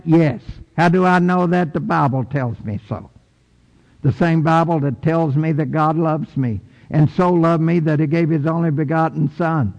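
An older man preaches from the pulpit in a high, emphatic voice. He takes his time and leans hard on key words, sometimes climbing sharply in pitch. The sound rings with a long reverb, as in a large church. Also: vocal fry. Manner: slow, emphatic preaching with rising outbursts. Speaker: pastor. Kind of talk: sermon.

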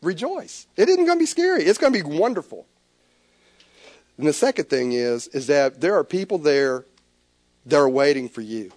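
A man preaching a sermon, animated, with stammered restarts. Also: on the high side, moderate pace, pauses often, dry recording. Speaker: pastor.

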